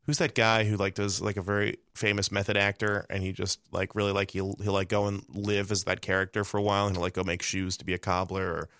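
A man's voice: sits low, flat delivery, fast talker, few pauses, fairly bright tone, clear, resonant tone, dry recording, clean studio sound. A man co-hosting a casual comedic podcast chat, rambling and mock-earnest. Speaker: podcast co-host.

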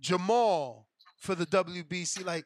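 A man's voice: high voice, a little slow, no room sound, clean studio sound. A man hosting a call-in show, talking loosely and directly with plenty of slang.

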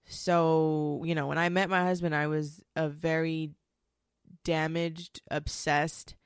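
Low-voiced woman telling a raw confession. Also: little pitch movement, slow pace, clear, resonant tone, no echo, clean studio sound. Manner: rambling, emotional, swears freely, many restarts. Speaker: vlogger telling a personal story. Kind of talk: candid confessional storytelling.

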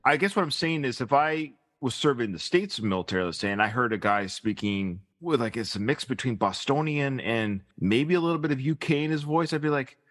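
A man's voice: mid-range voice, expressive, brisk, hardly any pauses, fairly bright tone. A podcast host, a man who grew up in Canada, talks in a loose, rambling way with a Pacific Northwest accent. He trails off and corrects himself mid-thought, and he laughs easily between points. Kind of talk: casual podcast chat.

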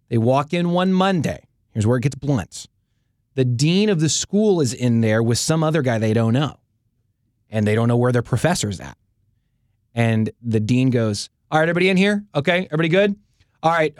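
A man's voice: mid-range voice, normal speed, dry recording, studio quality. A man co-hosting a casual chat, telling stories and acting out the people in them. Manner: animated, acts out quoted voices. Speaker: co-host.

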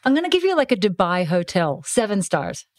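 A woman interviewing a guest in a playful, casual way, teasing and joking quickly. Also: medium pitch, big pitch swings.

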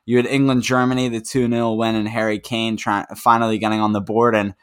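A man's voice: fairly low pitch, little pitch movement, fairly quick, clean tone. A man co-hosting a football podcast, recapping matches in a casual, rambling way with many fillers. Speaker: podcast co-host. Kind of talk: casual sports chat.

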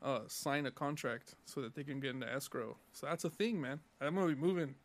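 A man's voice: medium pitch, a little fast. A young man from California on a casual podcast, telling a profane, heated story about work. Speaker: podcast co-host.

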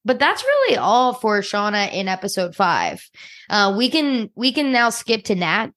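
A woman co-hosting a casual TV recap podcast, retelling scenes in an animated way and acting out the characters. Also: mid-range voice, measured pace. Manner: animated storytelling, acts out scenes. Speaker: podcast co-host.

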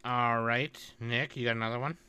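A man's voice: medium pitch, steady tone, normal speed, pushed and bright, clean tone, dry recording. A man co-hosting a podcast in casual chat, teasing his friends with blunt, dry remarks. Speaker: podcast co-host.

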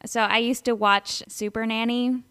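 A woman's voice: fairly high pitch, flat delivery, normal speed, pushed and bright, clean tone, no room sound, studio quality. A woman co-hosting a podcast, chatting casually, laughing easily and reading listener emails aloud. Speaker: podcast co-host. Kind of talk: casual chat.

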